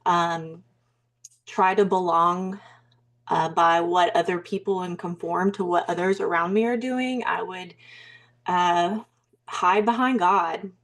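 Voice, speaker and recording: A woman's voice: fairly low pitch, fairly even intonation, takes it slowly. A young woman from Alabama with a Southern accent, speaking as an interview guest in a hesitant, reflective way with many fillers and restarts. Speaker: mindset coach, guest. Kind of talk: casual interview talk.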